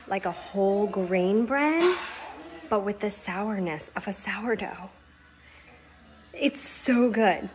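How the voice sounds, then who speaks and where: A woman talking through her baking in a chatty, gushing kitchen vlog. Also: medium pitch. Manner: chatty and gushing, with many fillers. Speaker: home cooking vlogger.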